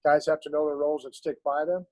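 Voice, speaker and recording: A man's voice: on the high side, little pitch movement, fast talker, warm tone, no room sound, poor audio. A middle-aged man, a basketball coach, telling stories in an interview in an earnest, emotional way with many restarts. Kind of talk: storytelling in an interview.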